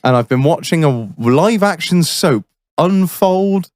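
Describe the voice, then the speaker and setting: Animated, swearing man telling stories. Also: on the high side, takes it slowly, no room sound, clean studio sound. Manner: animated, swearing anecdotes with put-on voices. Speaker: podcast co-host. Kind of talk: casual storytelling chat.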